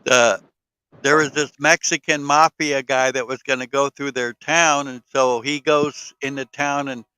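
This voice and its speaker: A man's voice: medium pitch, steady tone, measured pace, pushed and bright, clean tone, no echo, low-quality recording. A man in casual chat, telling rambling stories with fillers, swearing and frequent laughter.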